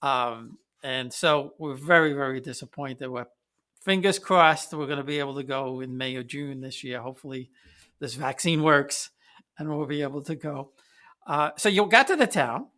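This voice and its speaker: Bright-voiced male podcast host. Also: mid-range voice, normal speed. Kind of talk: conversational interview.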